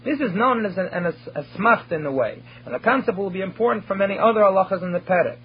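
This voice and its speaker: A man's voice: high voice, lively intonation, quick pace, a little hiss or hum. A man teaching a recorded study lecture, explaining and translating Hebrew terms phrase by phrase. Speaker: Torah teacher. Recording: dull lo-fi recording.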